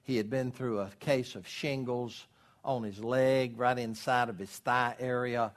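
A man preaching a sermon as pastor, animated and storytelling, acting out voices in his illustrations. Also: mid-range voice, a little slow.

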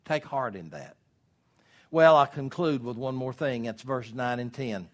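A man preaching a sermon as pastor, animated and storytelling, acting out voices in his illustrations. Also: medium pitch, measured pace.

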